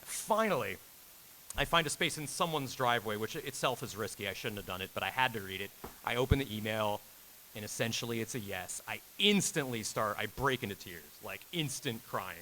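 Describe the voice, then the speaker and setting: A man in his thirties telling an animated story on a convention panel, acting out the quotes with big jumps in pitch and laughing as he goes. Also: fairly quick, a little hiss or hum, poor audio. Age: 30s. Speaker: game director on a convention panel. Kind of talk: animated storytelling to a live audience.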